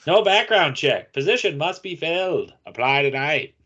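A man's voice: on the high side, big pitch swings, normal speed, sharp tone, slightly rough, muffled recording, voice pushed up, exaggerated voice. A man doing an old-timey radio announcer. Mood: grand. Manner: grand, hammy ad-reading delivery.

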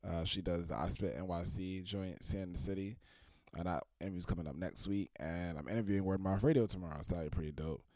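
Low-voiced laid-back man host. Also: a little mellow, no room sound, clean studio sound. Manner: laid-back, lots of backchannel. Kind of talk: interview and podcast outro.

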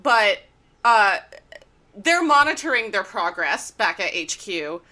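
Giggly bright-voiced woman recapping a show. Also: medium pitch, very animated. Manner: giggly, halting, many restarts. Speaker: podcast co-host. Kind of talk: casual chat.

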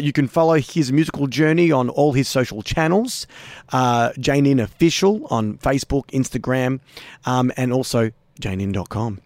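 A man's voice: mid-range voice, darkish tone, no room sound. A young Australian man hosting a podcast, laid-back and jokey, chatting casually and laughing often. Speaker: podcast host. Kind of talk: casual podcast outro and chat.

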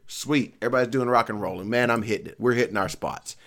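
A middle-aged man telling a long, profane story in casual chat, animated and playful. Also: mid-range voice, fast, hardly any pauses.

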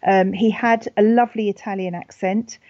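A woman with a British accent, a funeral celebrant, talking in a gentle, thoughtful way with frequent ums and restarts in a podcast interview. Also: mid-range voice, steady tone, normal speed, dry recording, dull audio.

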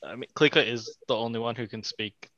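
A man's voice: medium pitch, fairly even intonation, fairly quick, fairly bright tone. A man playing a tabletop game with brief quips, on dull lo-fi audio. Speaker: player.

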